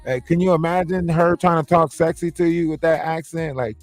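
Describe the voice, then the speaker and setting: A man's voice: a little high, fairly quick, no echo, soft background music. A man hosting a livestream, talking casually and mockingly in slangy gossip commentary. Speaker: livestream host.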